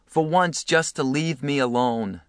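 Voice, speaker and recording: A man's voice: fairly high pitch, a little slow, clear, resonant tone, no room sound, clean studio sound, voice pushed up, lightly acted. A man voicing a scared, badly hurt teenage boy who speaks in a shaky, pleading voice that breaks. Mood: bitter.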